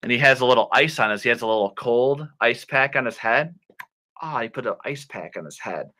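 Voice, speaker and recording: A man teaching children English online, reading a storybook and acting out words in a slow, clear, animated way. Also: mid-range voice. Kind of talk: playful ESL lesson for children.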